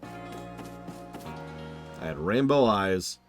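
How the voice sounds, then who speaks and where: A man streaming a video game, giving animated, jokey and sarcastic casual commentary. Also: lowish voice, drawn-out words, faint music behind.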